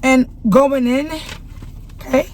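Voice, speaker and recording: High-voiced woman giving an emotional testimony. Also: steady tone, slow pace, a little mellow, a little hiss or hum, rough recording. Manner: earnest, emotional, talks straight to viewers. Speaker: vlogger and mother. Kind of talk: emotional personal testimony to camera.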